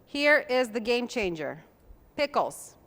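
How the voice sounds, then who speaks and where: A woman's voice: a little high, big pitch swings, takes it slowly, a bit bright. A young woman hosting a TV cooking show, chatting in a homey way while she chops and mixes. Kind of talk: casual cooking demonstration.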